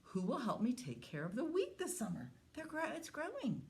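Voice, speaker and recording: A woman's voice: high voice, wildly swooping pitch, moderate pace, creaky, darkish tone, pitched above the performer's own voice, exaggerated voice. A woman voicing an eager little red hen who keeps asking her friends for help, with a raised, pleading storybook voice. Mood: excited.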